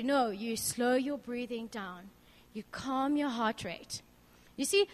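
Young woman youth leader, high voice, talking to the kids earnestly, lots of questions, big hall echo. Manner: earnest and personal, then lively and questioning. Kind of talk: talk to a youth group. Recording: long hall reverb.

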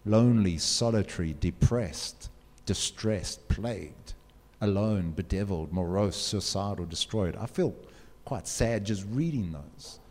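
A man's voice: on the low side, expressive, a little slow, a little mellow. A man gives an earnest motivational talk to students, asking them direct questions. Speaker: speaker addressing students. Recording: long hall reverb.

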